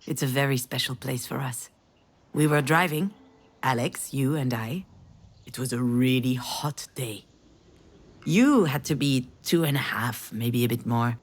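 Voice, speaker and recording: A woman's voice: a bass voice, measured pace. An actress playing a mother who tells her grown daughter a family memory in a tender storytelling voice. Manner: tender storytelling, rising with emotion.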